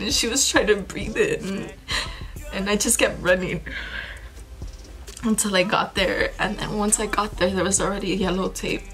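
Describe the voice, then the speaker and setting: A woman in a vlog, recounting a personal loss in a halting, emotional way, full of fillers and restarts. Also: medium pitch, steady tone, creaky, a bit bright, low-quality recording. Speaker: vlogger. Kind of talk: personal storytelling.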